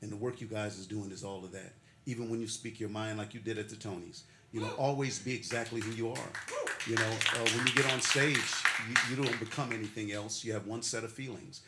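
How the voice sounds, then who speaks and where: Speaking briskly in a fairly low voice with fairly even intonation, an older man accepts an award with an emotional, heartfelt speech. Laughter runs through his words, and he stacks up repeated, preacherly phrases; the echoey ceremony hall carries faint noise.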